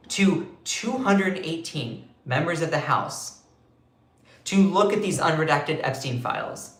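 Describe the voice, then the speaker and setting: Animated man hosting a live stream. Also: a little high, unhurried. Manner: animated, sarcastic, retells quotes in put-on voices. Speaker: political commentary host. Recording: echoey room.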